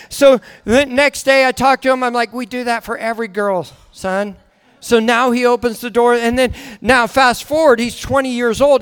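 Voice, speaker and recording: A man's voice: very high-pitched, fairly bright tone, clear, resonant tone. A man preaching a sermon as a guest speaker, telling family stories with acted-out dialogue and frequent restarts. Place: church hall. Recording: echoey hall.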